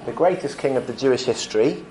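A man giving a lunchtime Bible talk as a preacher, conversational with frequent ums, slowing down to stress key points. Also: mid-range voice, animated, a little mellow, slight background noise.

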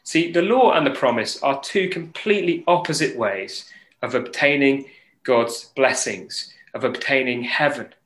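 Male preacher from England, mid pitch, earnest and halting, recorded in an echoey room. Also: expressive, fairly bright tone. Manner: earnest, halting, with many fillers and restarts. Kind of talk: Bible talk on an online call.

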